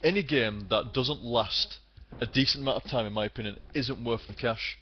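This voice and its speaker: A man's voice: mid-range voice, normal speed, a little hiss or hum. A British man in his twenties, a gaming streamer, ranting bluntly and swearing a lot in casual commentary. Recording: slightly dull lo-fi sound.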